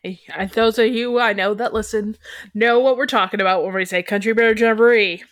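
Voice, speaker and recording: A woman's voice: on the high side, steady tone, moderate pace, no echo. Chatty woman co-host, dry close sound. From western Canada. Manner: chatty, trails off and restarts mid-thought. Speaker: podcast co-host. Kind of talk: casual chat.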